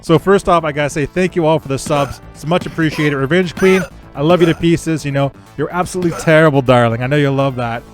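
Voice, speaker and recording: Friendly male streamer, slightly high voice. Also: fast talker, hardly any pauses, faint music behind. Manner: friendly, rambling shout-outs. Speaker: streamer host. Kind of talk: casual stream chat thanking viewers.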